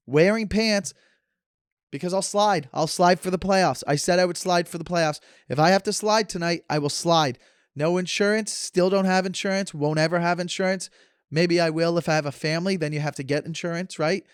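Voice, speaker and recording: A man's voice: on the high side, smooth, dry recording, clean studio sound. A man in his thirties hosting a podcast, sarcastic and joking as he wanders from tangent to tangent in casual chat. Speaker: podcast host. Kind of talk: casual rambling monologue.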